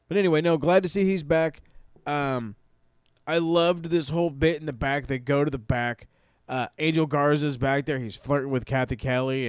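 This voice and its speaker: Dude co-hosting a wrestling podcast, chill, cusses, mid voice, dry close mic. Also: male voice, mid-range voice, smooth, no echo. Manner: laid-back, swears, acts out wrestlers' lines. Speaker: podcast co-host. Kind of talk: casual wrestling chat.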